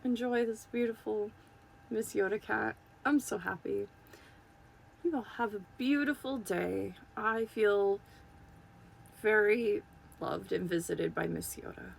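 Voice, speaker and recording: A woman chatting casually to viewers while unboxing toys, gushing and excitable, recorded on a phone. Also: mid-range voice, slow, creaky, long pauses, slight background noise.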